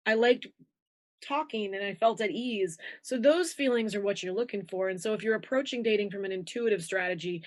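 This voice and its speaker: A woman intuition coach speaking in a conversational interview, animated and acting out inner voices as she explains. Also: no echo. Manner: animated, acts out inner voices with shifting pitch.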